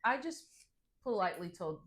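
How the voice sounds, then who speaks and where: A woman co-hosting a podcast, telling funny stories in casual chat with a playful, excited manner. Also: mid-range voice, moderate pace. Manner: playful, laughing, excited storytelling. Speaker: podcast co-host.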